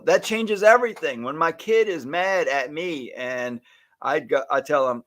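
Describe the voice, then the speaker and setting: His voice leans high and his delivery is a bit slow. A stylist educator co-hosting a live-streamed podcast from home or a studio, he keeps the talk about salon work casual and lively, playing out small scenes with different voices.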